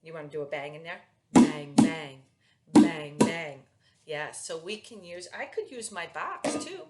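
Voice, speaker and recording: A woman's voice: on the low side, big pitch swings, fairly quick, over loud music. A woman teacher reading a picture book aloud to young children, sing-song and playful with the sound words.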